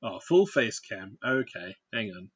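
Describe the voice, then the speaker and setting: A man's voice: lowish voice, sing-song, measured pace, husky, dry recording. A man hosting a casual livestream, chatting and greeting viewers by name while he builds. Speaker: livestream host.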